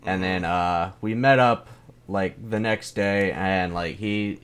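A man's voice: low voice, takes it slowly, a bit bright, clean tone. A young adult man, a comedian, telling a story in casual, rambling talk full of swearing and laughter. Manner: rambling, profane, laughing often. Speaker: comedian guest.

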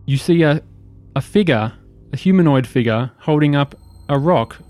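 A man running a tabletop game as game master, giving steady, descriptive narration and quick prompts to the players. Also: a little high, faint music behind.

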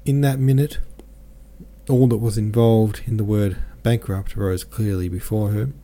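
Low, mellow male audiobook narrator. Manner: measured, even storytelling. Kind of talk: scripted literary narration.

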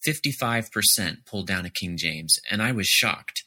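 A man with a very bright, forward voice and a fairly low pitch. He answers interview questions earnestly and articulately, laying out his ideas in careful detail. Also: lively intonation, normal speed, slightly rough. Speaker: author and academic editor.

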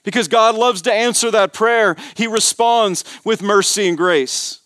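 A man's voice: sits high, measured pace, a bit bright, dry recording, studio quality. A man preaching a sermon as pastor, emphatic, repeating words and building intensity. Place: church.

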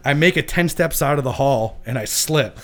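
A man's voice: medium pitch, moderate pace, over a noisy crowd. A young adult man from Michigan casually telling a long, profane story, often laughing as he talks. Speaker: podcast guest.

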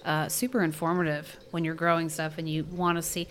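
A woman's voice: sits low, flat delivery, fairly quick, fairly bright tone, slight background noise. A woman co-hosting a casual chat, laughing often and teasing her partner. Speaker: co-host.

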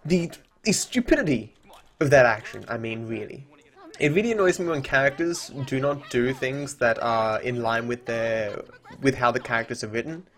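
A man's voice: mid-range voice, normal speed, a bit bright. A man rambling casually as a streamer, swearing freely and often restarting his sentences. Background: faint chill hop music.

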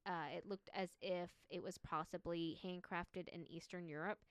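A woman's voice: on the low side, fairly even intonation, moderate pace, smooth, no echo. A woman co-hosting a podcast, telling a spooky story in a chatty way, full of "like" and easy laughter. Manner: chatty, laughs easily, many "like" fillers. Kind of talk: casual storytelling chat.

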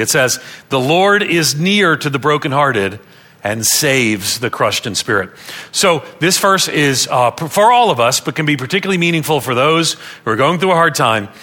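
A man's voice: a little high, sharp tone. A man preaching a sermon as a pastor, from Long Island, earnestly teaching and repeating key phrases for emphasis. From Long Island, New York.

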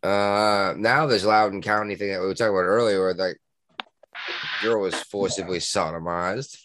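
A man's voice: deep voice, fairly even intonation, moderate pace, fairly bright tone. A man hosting a casual podcast, talking bluntly with crude jokes.

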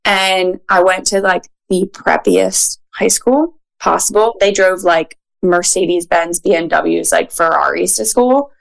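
A woman with a Philadelphia accent, a guest on a podcast, telling stories in an animated, casual way with lots of "like.". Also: on the low side, a little slow, creaky, hardly any pauses. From Philadelphia, USA. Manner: animated storyteller, frequent "like".

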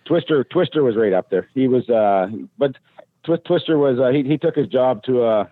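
A former hockey enforcer, a man with a mid-range voice, tells casual stories at a moderate pace, relaxed and rambling, often restarting his sentences. His voice comes through a thin, phone-like line, and the sound is dry and close with no room around it.

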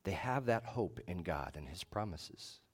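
A male pastor preaching a sermon in a measured, emphatic way, leaning on short repeated phrases. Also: low voice, lively intonation, husky.

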